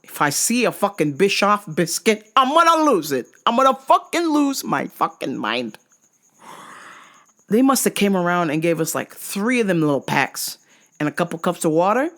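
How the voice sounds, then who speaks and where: A woman with a lower voice retells a travel ordeal in a casual vlog. Her pitch swings widely as she gets worked up, and she swears freely. She drags out key words when she wants them to land. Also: moderate pace. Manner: profane, exasperated, animated retelling. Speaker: vlog host. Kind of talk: casual storytelling rant.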